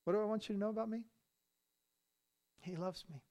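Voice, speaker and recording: A male pastor delivering a sermon in a church, building to loud, emphatic repeated phrases. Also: high-pitched, fairly even intonation, a little fast. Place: church sanctuary.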